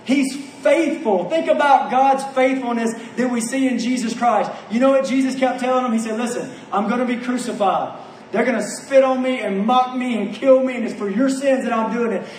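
High-voiced passionate male preacher, echoey. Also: moderate pace, darkish tone, distant mic, a little hiss or hum. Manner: passionate, rhetorical questions, repeats phrases. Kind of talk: sermon.

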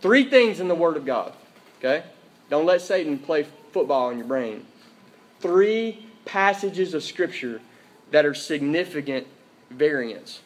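A man's voice: on the high side, lively intonation, unhurried. A man preaching a sermon to a church congregation, emphatic and repetitive, often checking in with his listeners. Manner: emphatic, repeats key phrases, checks in with "Okay?". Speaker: pastor. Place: church service.

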